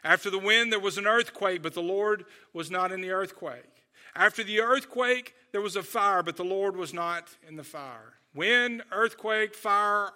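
Casting: male pastor, high, bright voice, earnest and conversational sermon delivery. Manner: earnest, conversational, asks rhetorical "right?" and "okay?".

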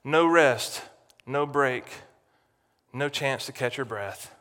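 Bright-voiced preacher in a reverberant hall. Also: male voice, medium pitch, slow pace. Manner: dramatic, shifting from loud to near-hushed. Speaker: pastor. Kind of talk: sermon.

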